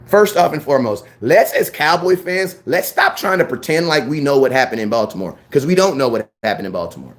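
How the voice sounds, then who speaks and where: A man hosting a sports fan channel, ranting his opinions in a blunt, slangy, animated way. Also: mid-range voice, brisk, few pauses. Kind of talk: fired-up sports opinion rant.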